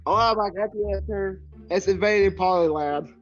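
A man's fairly high voice comes through a dull lo-fi mic, his tone joking and relaxed. Faint game music plays behind him. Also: normal speed. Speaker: game player. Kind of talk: casual chat during a card game.

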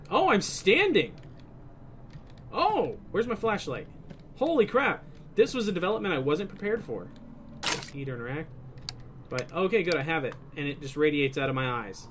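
A young man doing let's play commentary on a horror game, excitable, swearing often and breaking into laughter. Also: high voice, normal speed, long pauses, a little hiss or hum. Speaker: gaming video host.

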